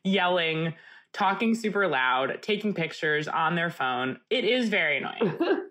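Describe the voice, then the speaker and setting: A young woman talks casually as a podcast co-host, full of swearing. Her voice sits fairly low but leaps up high and lively when she mimics others. She tells the story in an animated, off-hand way. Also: a little slow. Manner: animated, profane, jumps up in pitch for quoted voices.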